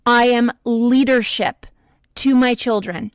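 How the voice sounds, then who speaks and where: A woman hosting a podcast, giving an emphatic motivational talk to the listener with slow, deliberate stresses. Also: fairly high pitch, no echo. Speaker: podcast host.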